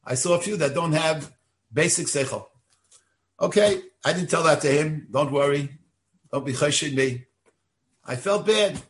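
An older rabbi lecturing on Torah with steady earnestness, weighing his words as he teaches. His voice sits a touch higher than most men's. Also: a little slow, long pauses. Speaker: rabbi of a synagogue.

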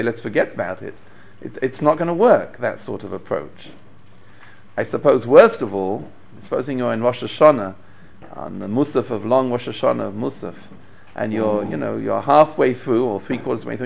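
Brief: male rabbi giving a Torah class, gravelly voice with a lively, swooping pitch, an animated storyteller. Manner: animated storyteller, acts out quotes, chuckles. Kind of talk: Torah lecture.

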